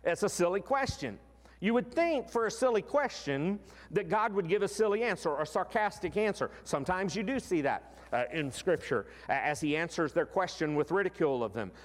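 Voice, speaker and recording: A man preaches in a lively, rising and falling voice, often slowing right down on the words he wants to land. His slightly high voice carries a long reverb that trails after each phrase. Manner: expressive, slows down for emphasis. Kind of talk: sermon.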